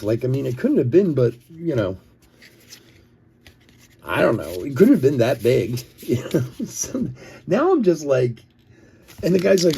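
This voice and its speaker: Gravelly man spinning a yarn. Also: medium pitch, animated, moderate pace, darkish tone, a little hiss or hum. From Philadelphia area. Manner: rambling, chuckles often, says "like" a lot. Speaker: sports card breaker. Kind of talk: live-stream storytelling while opening cards.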